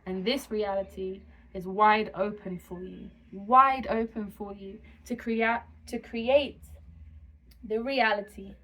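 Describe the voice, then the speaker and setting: Woman channeling a spiritual message, slow and soothing, lots of repeating, medium pitch, a bit of faint noise behind. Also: poor audio. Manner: slow, soothing, repetitive affirmations.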